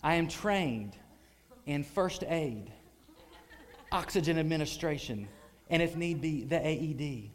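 A man preaches with a slightly high voice, spinning a story with lively energy. He drops to near-hushed tones, then surges up loud, full of folksy asides. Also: a little slow, long pauses. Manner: animated, swings from hushed to loud. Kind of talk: sermon storytelling.

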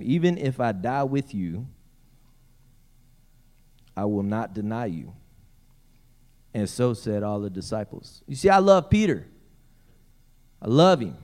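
A pastor delivers a sermon, moving between scripture reading and joking asides to the congregation. His voice sits at an ordinary middle pitch for a man. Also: a little mellow. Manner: reads scripture aloud, breaks in with playful asides.

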